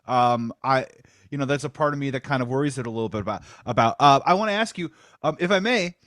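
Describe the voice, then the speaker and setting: A man at mid pitch hosts a casual interview and weighs his words as he poses questions. His voice sounds dry and close, with no room echo. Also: expressive, fast, a bit bright. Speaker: show host.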